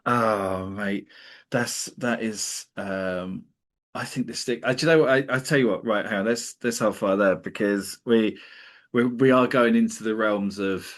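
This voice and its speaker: A man's voice: fairly low pitch, a little slow. A man hosting a casual comedy podcast, rambling and often breaking into laughter as he talks. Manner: giggly, rambling, often laughing mid-sentence. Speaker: podcast host.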